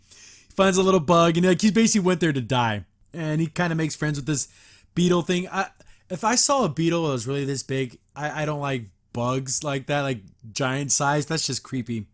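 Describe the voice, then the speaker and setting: Rambling man reviewing a cartoon episode. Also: fairly high pitch. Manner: rambling, laughs often, many fillers. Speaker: show reviewer and podcast host.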